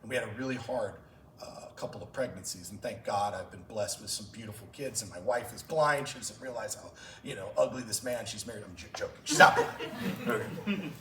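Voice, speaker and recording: A man's voice: on the low side, brisk, a bit bright, slight background noise. A male track and field coach giving a conference talk, telling emotional stories from his coaching. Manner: emotional storytelling. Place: clinic session room. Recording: roomy hall from a distance.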